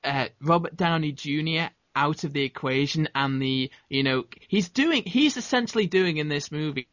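A man with a slightly high voice talks movies in a casual chat, hedging and working through his thoughts with restarts. The sound is dry and close, with a dull lo-fi quality. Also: lively intonation, normal speed, fairly bright tone, no room sound. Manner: hedging, thinks aloud, full of restarts. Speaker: podcast co-host.

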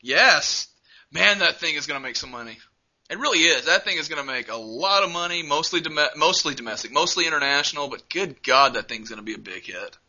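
A man co-hosting a casual movie chat, giving emphatic, animated opinions. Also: a little high, fairly quick. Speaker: podcast co-host. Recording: dull lo-fi sound.

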